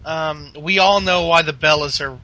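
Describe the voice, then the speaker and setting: Very bright, high man in casual chat. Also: steady tone, moderate pace, rough recording.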